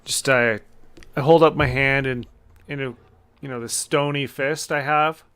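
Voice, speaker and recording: A man playing a tabletop game, calmly describing his character's actions. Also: medium pitch, unhurried, clear, resonant tone. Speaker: player.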